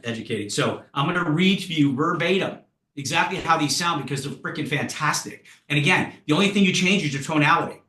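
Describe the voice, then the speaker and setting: An excitable man leads a sales training with hyped, punchy energy, his words tumbling out quickly in a bright, forceful voice. The room around him rings with a noticeable echo. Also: fairly high pitch. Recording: roomy echo.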